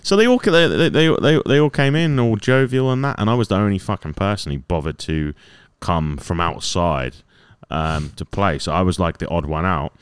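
A man's voice: low voice, lively intonation, moderate pace, clean tone, no room sound. A man telling a rambling story in casual chat among friends, laughing often and swearing freely. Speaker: podcast guest telling a story.

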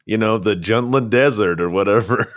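A man's voice: fairly low pitch, moderate pace, no echo, clean studio sound. A man co-hosting a podcast, chatting casually and telling rambling anecdotes. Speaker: podcast co-host. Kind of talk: casual chat.

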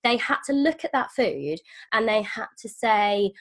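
A woman's voice: a little high, animated, unhurried. A woman hosting a podcast, chatting with enthusiasm and now and then acting out quoted voices. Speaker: podcast host. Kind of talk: casual podcast conversation.

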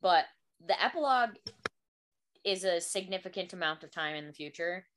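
A woman's voice: fairly low pitch, lively intonation, normal speed, a bit bright, slight background noise. A woman co-hosting a casual book podcast, talking enthusiastically about a favorite story. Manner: enthusiastic, frequent "like" fillers. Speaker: podcast co-host.

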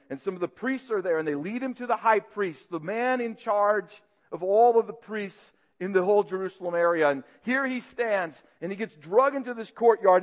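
High-voiced preacher, vivid storytelling. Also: male voice, long reverb tail. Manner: vivid retelling, swinging between loud and hushed. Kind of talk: dramatic sermon storytelling.

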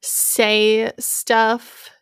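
A woman's voice: on the high side, monotone, extremely slow, smooth, dry recording, studio quality. A woman co-hosting a podcast in casual chat, reacting eagerly and sharing her own view. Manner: attentive listener, reacting with short exclamations. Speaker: podcast co-host.

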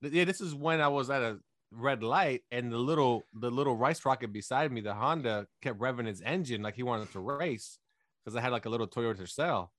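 A man casually telling rambling, animated stories while chatting with friends on a podcast. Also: mid-range voice, brisk, no echo, clean studio sound. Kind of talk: casual storytelling chat.

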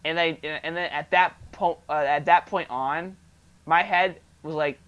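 A young man with a slightly high voice tells a story in casual podcast chat. He is animated and acts out each line of dialogue. The audio sounds dull and lo-fi. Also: unhurried, smooth. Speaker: podcast co-host.

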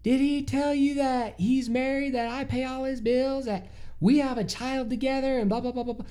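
A man voicing an angry betrayed wife who yells in an exaggerated, put-on accent. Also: extremely high pitch, expressive, very slow, voice pushed up, heavily acted. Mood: furious.

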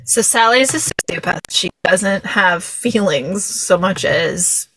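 A woman's voice: on the low side, expressive, a little slow, fairly bright tone, a little hiss or hum. A young woman hosting a podcast, chatting casually and laughing, with many fillers. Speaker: podcast host. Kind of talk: casual chat about a film.

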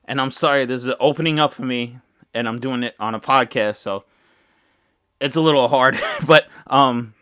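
A man's voice: medium pitch, bright, forceful tone, no room sound, clean studio sound. A man hosting a podcast, a father talking in an earnest, rambling and emotional way in a casual monologue. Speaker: podcast host.

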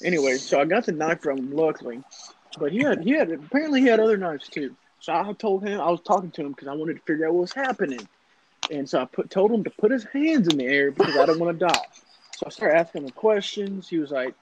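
A man's voice: fairly high pitch, quick pace. Profane young man telling a wild story. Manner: profane, rambling, animated anecdote. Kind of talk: casual storytelling among friends. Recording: noisy casual recording.

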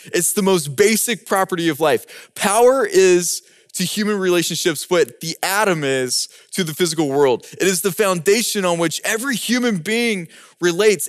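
A man with a high voice gives a prepared talk. He acts out scenes as he tells a story and poses rhetorical questions. The recording is dry and close. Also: no echo. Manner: animated storyteller acting out scenes. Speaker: speaker giving a prepared talk.

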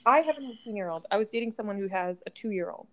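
A chatty woman around forty co-hosting a podcast. She tells stories in an easy, mid-pitched voice and acts out what other people said. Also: animated, quick pace, slight background noise. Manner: chatty storyteller, acts out quotes. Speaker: podcast co-host. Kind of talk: casual chat.

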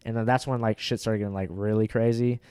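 A man's voice: on the low side, steady tone, quick pace, a little mellow, clean tone. A young man, a stand-up comic hosting a podcast, chatting casually in a rambling, profane way full of fillers. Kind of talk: casual chat.

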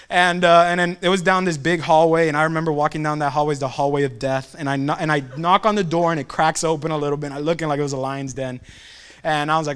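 Bright-voiced young man telling a story. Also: fairly high pitch, a little fast, clean tone. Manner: animated storyteller who acts out family quotes. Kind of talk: devotional talk with a personal story.

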